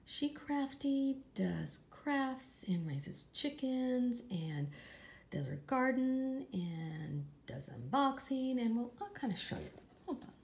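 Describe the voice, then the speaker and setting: Woman from California, home unboxing vlogger, animated pitch, chatty and effusive with frequent soft asides. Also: takes it slowly, vocal fry, a little hiss or hum. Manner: chatty and gushing, often dropping to a soft whisper. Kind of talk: casual unboxing vlog.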